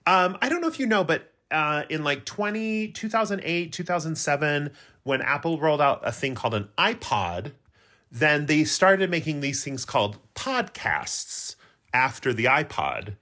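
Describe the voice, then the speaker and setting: A woman co-hosting a casual podcast, telling rambling stories in a deadpan way and swearing freely. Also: sits low, moderate pace. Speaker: podcast co-host.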